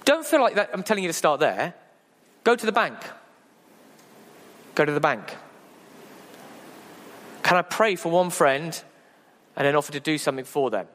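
A pastor gives a lively, rousing sermon, throwing rhetorical questions at his congregation with a light, humorous touch. His voice sits fairly high for a man, and a long reverb hangs in the church around him. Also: moderate pace, long pauses. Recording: echoey church hall.

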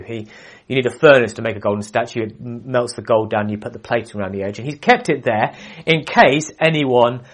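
A man preaching a sermon, telling a Bible story with animated delivery and acting out the quoted lines. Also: mid-range voice.

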